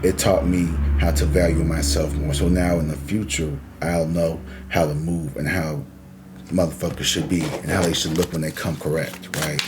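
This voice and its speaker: A very deep-voiced man reads tarot cards in a relaxed, chatty way, reassuring his listeners and letting a curse slip now and then. A faint hiss sits under his voice. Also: normal speed. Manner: laid-back, chatty, reassuring, with casual swearing. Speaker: tarot reader. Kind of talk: casual tarot reading.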